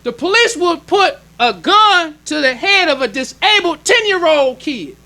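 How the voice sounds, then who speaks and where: A man's voice: very high-pitched, big pitch swings, a little slow, sharp tone. A male minister preaching a sermon in an emphatic, conversational way, drawing call-and-response from the congregation.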